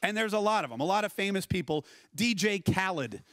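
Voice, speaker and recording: Male conference speaker, high-pitched and lively, with a dry, close sound, chatty and engaging. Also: brisk, dry recording. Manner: animated, conversational storytelling with audience questions. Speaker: keynote speaker. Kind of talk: conference keynote talk. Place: conference stage.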